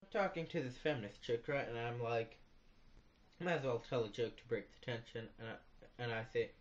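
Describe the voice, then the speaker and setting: A teenage boy performing a stand-up comedy routine with a boastful, deadpan delivery and slangy asides, recorded on a phone. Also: mid-range voice, moderate pace, lo-fi sound. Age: late teens. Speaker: student comic. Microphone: phone camera in the audience.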